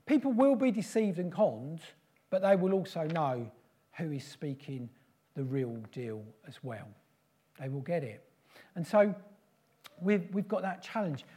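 A man preaching a prophetic sermon in slow, solemn, repeated declarations. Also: a little high, big pitch swings, mellow.

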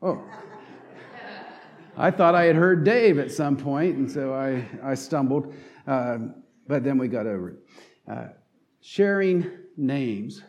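A man's voice: medium pitch, expressive, takes it slowly, pauses often, a little mellow. Folksy Southern man preaching. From North Carolina. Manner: earnest, folksy, with frequent "uh" fillers. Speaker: lay preacher. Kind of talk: sermon.

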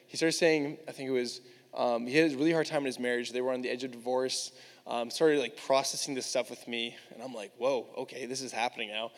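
A male preacher telling a personal story to his church in a candid, casual way, full of "like". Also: mid-range voice. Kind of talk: storytelling sermon. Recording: long reverb of a large hall.

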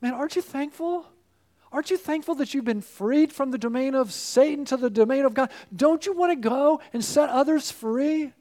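Male pastor, higher register, earnest sermon delivery that builds to fervent calls. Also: normal speed, darkish tone. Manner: earnest, rising to fervent appeals.

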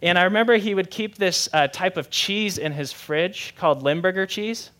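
A man's voice: high-pitched, moderate pace, a bit bright. A young adult man, a pastor preaching a sermon in a conversational, candid way with self-deprecating humor.

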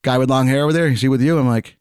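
Fast-talking man telling a bar story. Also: medium pitch, clean tone, dry recording, studio quality. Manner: fast, animated storyteller acting out quotes. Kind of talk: casual storytelling.

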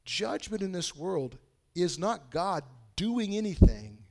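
A man preaching a sermon in a conversational way, dropping to a hush and then rising to loud, emphatic bursts. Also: sits high, big pitch swings, slow pace, gravelly. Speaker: pastor.

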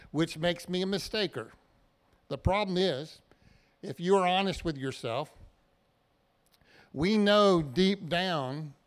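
A man's voice: a little high, clean tone. A man preaching a sermon in a church, talking to the congregation in a plain, conversational way with everyday examples. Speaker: pastor.

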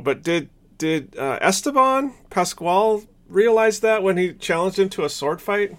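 A chatty man co-hosting a casual talk about old movies, his voice sitting a bit high. He talks enthusiastically, sprinkling in fillers as he recalls scenes. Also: expressive, moderate pace, few pauses. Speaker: podcast co-host. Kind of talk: casual film review chat.

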